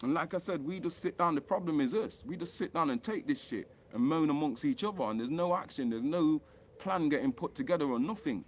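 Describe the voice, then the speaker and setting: A man's voice: on the high side, lively intonation, a little fast, a little hiss or hum. A man, an author and online commentator, delivers an impassioned rant to camera that is blunt, profane and heated, often jumping up in emphasis.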